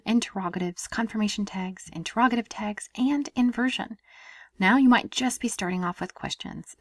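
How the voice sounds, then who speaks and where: A woman French teacher talks through a casual lesson with a lively, swooping voice. She often drops into a breathy near-whisper. The sound is close and dry, with no room echo. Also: medium pitch. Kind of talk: casual recorded language lesson.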